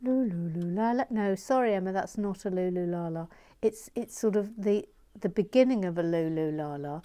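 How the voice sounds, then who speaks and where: A woman's voice: medium pitch, moderate pace, mellow. A woman building a Lego set on a video stream, chatting casually and reading viewers' comments aloud with frequent laughs. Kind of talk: casual chat while building.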